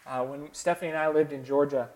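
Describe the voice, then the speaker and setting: A man from the American South preaching a sermon with a Southern accent, earnest, swinging between soft, quiet passages and emphatic, rising lines. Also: a little high, steady tone, fast. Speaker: pastor.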